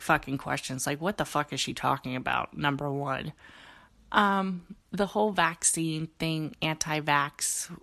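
Gravelly low-voiced woman ranting. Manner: profane, exasperated, ranting with frequent fillers. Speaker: podcast host; nurse. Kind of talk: casual solo podcast rant. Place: at home with her dog.

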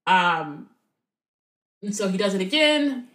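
A woman's voice: medium pitch, expressive, normal speed, a bit bright. A woman co-hosting a podcast in casual chat, talky, saying "like" a lot, with casual swearing. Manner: chatty, says "like" often, swears casually. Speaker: podcast co-host. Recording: roomy echo.

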